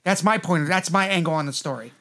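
A man in casual chat about a film, animated and swearing, often talking over the others. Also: a little high, brisk.

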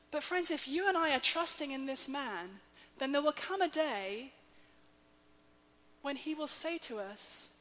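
Woman preacher, thirties, fairly high voice, measured and emphatic, long hall reverb. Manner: slow, measured and emphatic, with soft dips. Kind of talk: sermon.

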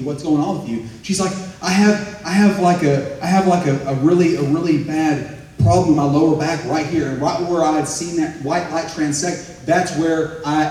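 A man preaching a sermon, telling stories earnestly and dropping to a soft hush when he quotes a prayer. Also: fairly high pitch. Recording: echoey, from far off.

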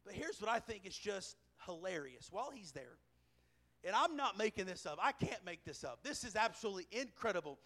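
A man preaching a sermon, telling a scripture story with animated delivery, chuckling and raising his voice for emphasis. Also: sits high, a little fast. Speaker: pastor.

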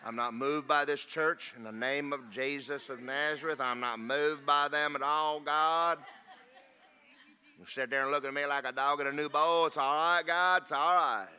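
A man's voice: on the high side, steady tone, moderate pace, sharp tone. A man preaching a sermon as pastor, folksy and joking, then rising to emphatic preaching.

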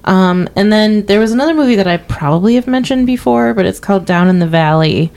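A woman co-hosting a podcast in casual chat, speaking in a measured, thoughtful way. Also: mid-range voice, animated, gravelly, a little mellow. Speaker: podcast co-host. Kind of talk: casual chat about movies.

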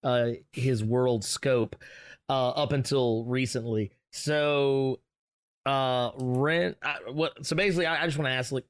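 A man's voice: medium pitch, fairly even intonation, measured pace, dry recording. A man playing a tabletop game, talking hesitantly with many restarts. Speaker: player. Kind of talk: casual chat in a tabletop game.

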